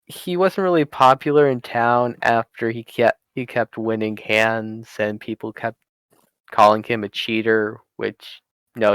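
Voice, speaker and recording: A man narrating as game master in a tabletop game over voice chat, halting and full of fillers. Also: fairly low pitch, fairly bright tone, smooth, no echo. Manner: halting, many fillers and restarts.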